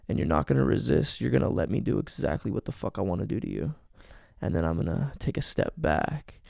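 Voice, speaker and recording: A dominant lover murmurs in whispered role-play, voiced by a man. His voice drops low and breathy, slow and deliberate, with a gravelly rasp. The sound is close and dry, with no room around it. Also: mellow, no room sound, exaggerated voice.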